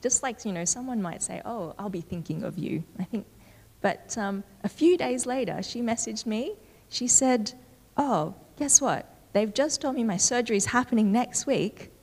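A woman giving a church talk in a relaxed, conversational storytelling way with frequent fillers. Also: fairly high pitch, normal speed, slightly rough. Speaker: church speaker. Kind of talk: sermon. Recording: reverberant hall.

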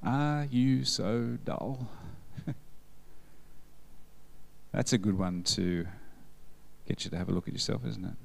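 A man's voice: low voice, steady tone, a little slow, creaky, long pauses, in a large hall. A man preaching at a church service, joking and quizzing the congregation as he goes. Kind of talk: sermon.

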